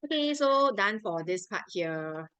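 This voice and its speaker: A woman's voice: medium pitch, animated, a little slow, fairly bright tone, clean tone, muffled recording. A young woman with a Singaporean English accent teaching a live science revision class, chatty and repeating key points to coax her students along. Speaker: science tutor.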